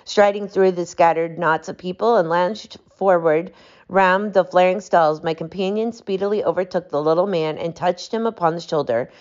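A woman's voice: fairly low pitch, normal speed, a little mellow. Woman reading a classic story aloud. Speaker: audiobook narrator. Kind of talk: storybook narration. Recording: dull lo-fi audiobook recording.

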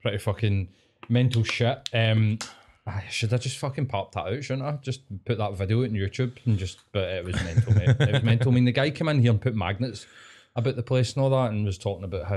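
A man's voice: on the low side, brisk. Sweary Scottish man telling a story. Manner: sweary, storytelling, animated impressions. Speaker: podcast co-host. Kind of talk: casual chat.

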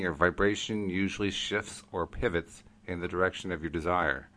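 A man's voice: sits low, normal speed, bright, forceful tone. A man hosting a casual talk show, chatty and easygoing, thinking aloud as he goes. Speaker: podcast host. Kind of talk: casual chat.

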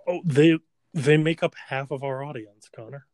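A man's voice: on the high side, moderate pace, a little mellow, no echo. A man co-hosting a podcast in casual, profane chat and trading crude jokes with his friend. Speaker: podcast co-host.

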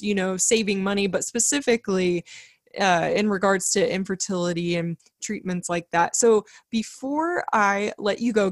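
A woman's voice: medium pitch, dry recording, clean studio sound. A woman hosting a podcast interview, upbeat and encouraging toward her guest. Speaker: podcast host.

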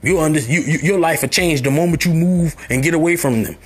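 Husky-voiced man preaching motivation. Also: on the high side, fairly quick. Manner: preachy, repeats phrases, rises to shouts. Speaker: motivational speaker. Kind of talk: motivational sermon. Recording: faint music underneath.

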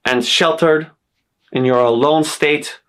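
A man's voice: a little high, fairly even intonation, takes it slowly, a bit bright, clean tone. A man giving a motivational self-help talk, listing uplifting affirmations in an earnest tone, speaking in a stylized accent he invented for himself.

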